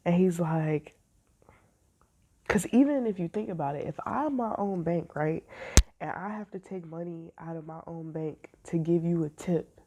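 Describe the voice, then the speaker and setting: A woman's voice: fairly low pitch, a little slow, lo-fi sound, noisy background. A woman tarot reader telling a story in a blunt, emphatic way, with a lot of swearing. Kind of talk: casual storytelling.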